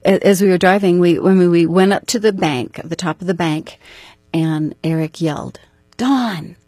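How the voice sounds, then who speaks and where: A middle-aged woman with a slightly low, husky voice tells a personal story as an interview guest. She goes through the events earnestly, step by step. The sound is dry and close. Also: steady tone, moderate pace, darkish tone, dry recording.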